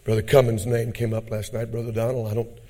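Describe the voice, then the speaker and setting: A man preaching a fervent sermon at a church conference. He moves from hushed, low passages to loud, shouting climaxes and calls the congregation brethren. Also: completely flat delivery, quick pace. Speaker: pastor.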